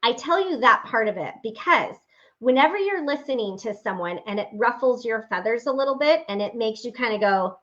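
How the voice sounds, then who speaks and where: A woman giving a personal faith testimony as a motivational speaker. She tells her story in an animated way and speaks earnestly and directly to her listeners. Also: on the high side, brisk. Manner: animated storyteller acting out remembered dialogue. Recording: dull lo-fi recording.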